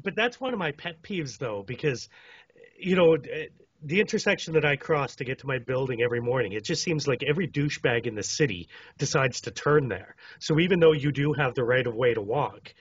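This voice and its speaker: Husky-voiced man chatting on a podcast. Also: medium pitch, expressive, brisk, no room sound. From Canada. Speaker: podcast co-host. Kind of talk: casual chat. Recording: dry, dull lo-fi sound.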